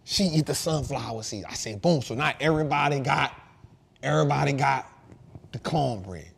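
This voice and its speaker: A man in his thirties hosting a show, telling a casual story in an animated, slangy way that swings from loud to hushed. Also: medium pitch, normal speed, vocal fry, slightly rough. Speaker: host.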